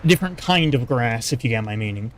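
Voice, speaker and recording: A man talking casually over his gameplay, rambling and self-deprecating as he answers his chat. His pitch sits in an ordinary middle range. A faint hiss of background noise sits under the voice. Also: lively intonation, fast. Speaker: streamer playing a video game. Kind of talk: casual gaming commentary.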